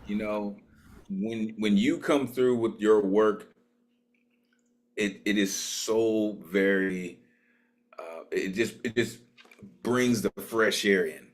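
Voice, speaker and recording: A man's voice: lowish voice, slow, pauses often. A man hosting an online open mic over a video call, introducing poets with emphatic, repetitive praise.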